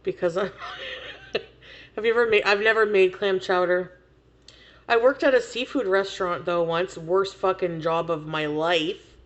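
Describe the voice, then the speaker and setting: A woman's voice: on the low side, steady tone, measured pace, pauses often, fairly bright tone. A woman livestreamer chatting casually with viewers, laughing often and swearing freely.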